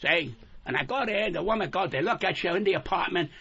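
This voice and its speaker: An older man, a comedian guest on a radio show, ranting loudly with constant swearing and yelling. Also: high-pitched, expressive, fast, vocal fry, breathy edge. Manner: loud profane yelling rant. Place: radio studio. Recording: dull lo-fi radio broadcast with faint hiss.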